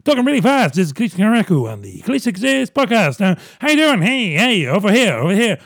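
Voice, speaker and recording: A man voicing a brash, rapid-fire 1930s screwball comedy character. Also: sits high, sing-song, no room sound, clean studio sound, pitched above the performer's own voice, heavily acted.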